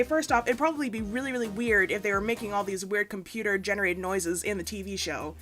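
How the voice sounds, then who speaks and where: A woman's voice: fast talker, hardly any pauses. Rambling young woman gamer, chatty. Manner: rambling, self-deprecating, bursts into squeaky silly voices. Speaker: gaming YouTuber. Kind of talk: casual voiceover chat over a speed build. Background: soft background music.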